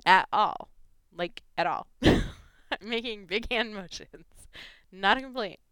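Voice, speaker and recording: Woman, giggly and gushing, unhurried delivery, smooth voice, dry close sound. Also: mid-range voice, fairly bright tone, no room sound. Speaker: fan fiction vlogger. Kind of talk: casual chat reading gifts.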